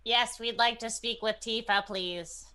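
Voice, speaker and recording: A woman's voice: fairly high pitch, steady tone, measured pace, sharp tone, smooth. A woman playing a tabletop game, chatty and playful. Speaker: player. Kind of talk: casual tabletop game play.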